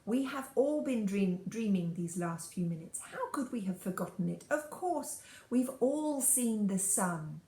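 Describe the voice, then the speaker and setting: A woman's voice: medium pitch, expressive, measured pace, dark tone. A woman voicing a young prince who speaks coldly, politely and in old-fashioned phrases, in a voice with room echo. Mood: formal. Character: young noble prince, formal and cold.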